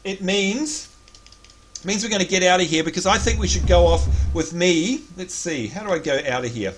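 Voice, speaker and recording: Aussie guy hosting a game stream, kinda high voice, chatty and upbeat. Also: lively intonation, moderate pace, a little hiss or hum. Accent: Australian. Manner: upbeat, chatty, reads out viewer names. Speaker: stream host. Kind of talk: casual live-stream chat and game commentary.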